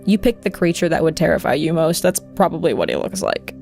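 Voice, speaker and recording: A woman's voice: low-pitched, big pitch swings, a little fast, creaky, darkish tone, faint music behind. A woman host narrating folklore with dry, sarcastic asides in a casual storytelling style.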